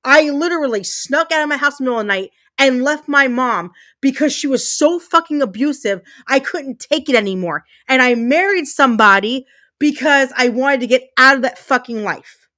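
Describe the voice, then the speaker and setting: High-voiced woman ranting heatedly. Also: expressive, normal speed, sharp tone. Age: 30s. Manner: emphatic, repetitive, heated, swearing. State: fuming. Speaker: livestream host. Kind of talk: angry livestream rant.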